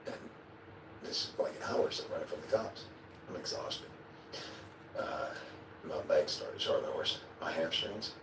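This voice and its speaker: A man's voice: very deep voice, a little slow, long pauses. A man being interviewed, telling a vivid story in a casual way, acting out his own quotes and now and then swearing or chuckling. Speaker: interview guest. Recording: echoey, distant, noisy replayed clip.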